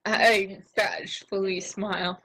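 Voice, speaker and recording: Flat-voiced woman playing a tabletop game. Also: mid-range voice, takes it slowly, low-quality recording. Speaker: player. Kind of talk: casual tabletop play.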